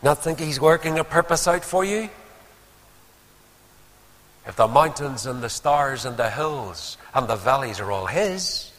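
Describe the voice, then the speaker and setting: A man's voice: mid-range voice, measured pace, long pauses, long reverb tail. A man preaching a sermon, telling stories and firing rhetorical questions at the congregation. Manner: animated storytelling with rhetorical questions.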